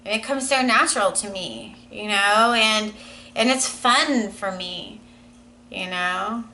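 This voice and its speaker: A woman's voice: medium pitch, takes it slowly, sharp tone, slight background noise, poor audio. A woman in her thirties talking to camera in a casual personal vlog, earnest and rambling, with many "you know" fillers. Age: 30s. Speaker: vlogger.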